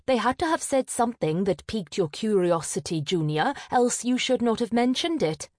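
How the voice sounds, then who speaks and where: A woman's voice: fairly high pitch, expressive, moderate pace, darkish tone, no room sound, clean studio sound, pitched above the performer's own voice, natural voice. A woman voicing a proud, vain eldest sister who speaks sharply and impatiently. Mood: insistent.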